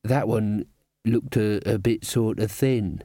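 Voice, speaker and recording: A slow-witted young man, put on by a man reading aloud, mumbling low and quiet with halting pauses. The voice sits a little lower than the reader's own, dry and close. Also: dry recording. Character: dim, hesitant young man.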